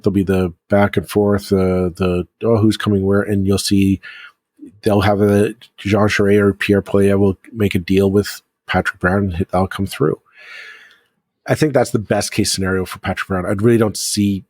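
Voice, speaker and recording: Man, podcast co-host, lowish voice, dry close mic, rambling political chat. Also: darkish tone, dry recording. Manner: rambling, many restarts and fillers.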